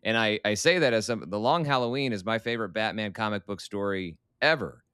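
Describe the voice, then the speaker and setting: Male guest, low and smooth, close and dry, talks in thought-out arguments. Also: brisk, sharp tone, no echo. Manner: analytical, opinionated, builds arguments. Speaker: podcast guest. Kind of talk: casual podcast chat.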